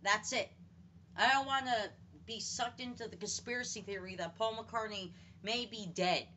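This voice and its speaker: A woman's voice: mid-range voice, normal speed, pushed and bright, slight background noise. A woman in a blunt, profane vlog rant who keeps repeating her points for emphasis. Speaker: vlogger. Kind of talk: ranting monologue to camera.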